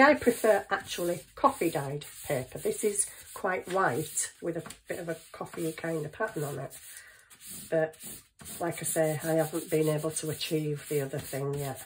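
A woman's voice: sits low, slight background noise, rough recording. A woman chatting casually in her home kitchen, thinking aloud as she works on a craft. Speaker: craft vlogger.

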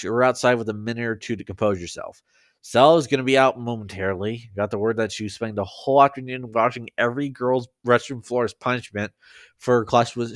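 A man's voice: mid-range voice, dry recording, clean studio sound. A man casually reading fan fiction aloud, stumbling over words and making joking asides. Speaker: story reader.

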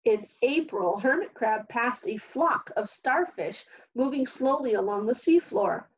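A woman reading a children's picture book aloud as a storyteller, at a calm, even pace. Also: fairly high pitch, unhurried, slightly rough, lo-fi sound.

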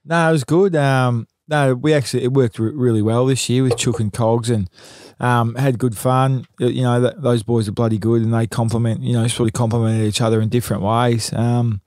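A man's voice: medium pitch, steady tone, fairly quick, a little mellow, dry recording, studio quality. An Australian man, a football player, answering in a laid-back, hesitant way with many fillers. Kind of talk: casual interview chat.

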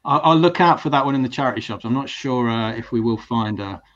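Chatty male host, casual video-call chat, restarts, mid pitch, dull lo-fi sound. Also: fast talker, fairly bright tone. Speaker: talk show host. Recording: dull lo-fi stream audio.

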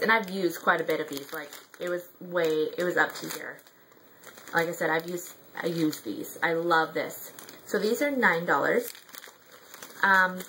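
A woman's voice: on the low side, bright, forceful tone, slight background noise, rough recording. A young woman chatting casually in a product review vlog, rambling with many ums and likes. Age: young adult.

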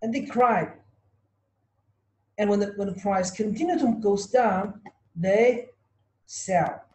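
High-voiced man teaching a webinar. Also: a little slow, warm tone. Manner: repetitive, rhetorical questions to students. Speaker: trading tutor. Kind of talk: online webinar lesson. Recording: roomy echo.

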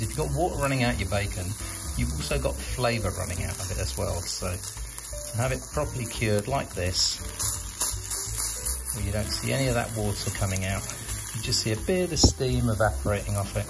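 A man's voice: lowish voice, a little fast, creaky, low-quality recording. A man explaining in a plain voice-over how a cured food should behave when it is cooked. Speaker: cookery teacher. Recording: voice-over with music behind.

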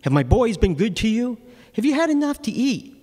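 A crafty old-time police captain, sugary and mock-polite, as a man speaking in a lecture hall puts him on. The voice climbs up high and bright. A long reverb from the hall trails after each line. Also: very animated, fairly quick, full character voice. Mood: mock-friendly. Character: sly, falsely friendly police captain, man. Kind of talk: acted quote in a public book talk.

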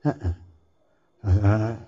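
Slow, husky preacher. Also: male voice, on the low side, highs cut off. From Nigeria. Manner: animated storyteller acting out dialogue, repeats phrases. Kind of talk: storytelling sermon.

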